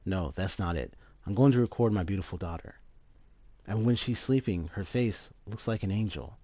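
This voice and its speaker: A man voicing a doting middle-aged male professor in a quick, affectionate, low manner. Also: warm tone, no room sound, natural voice.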